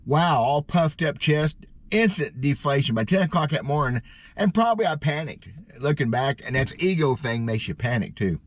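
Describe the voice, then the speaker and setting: A man's voice: fairly high pitch, animated. Folksy middle-aged man, rambling. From Missouri, USA. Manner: folksy, self-deprecating, drawn-out emphasis. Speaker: bass fishing vlogger. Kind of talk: casual rambling storytelling. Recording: dull lo-fi sound.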